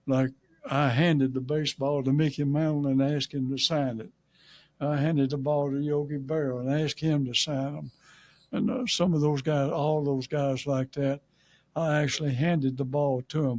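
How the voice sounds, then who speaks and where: A man's voice: mid-range voice, a little mellow. An older man from Louisiana with a Southern accent, telling folksy, humorous stories as a guest on an interview show. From Shreveport, Louisiana. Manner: folksy, humorous, chuckles at his own jokes. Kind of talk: storytelling.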